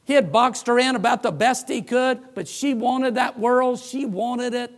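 A middle-aged man preaching a sermon as pastor, telling stories in an animated way and acting out the voices of the people he quotes. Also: extremely high pitch, measured pace. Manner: animated storyteller who acts out quoted voices.

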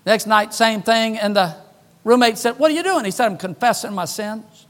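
A man preaching a sermon as pastor, folksy with joking asides, swinging between loud emphasis and hushed lines. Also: high-pitched, normal speed.

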